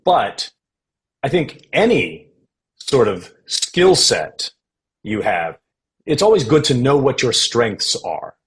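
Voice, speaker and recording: Guy on a podcast telling career stories, calm and measured, slips into little quoted voices. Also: medium pitch, rough recording. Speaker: podcast guest, voice actor. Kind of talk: relaxed storytelling conversation.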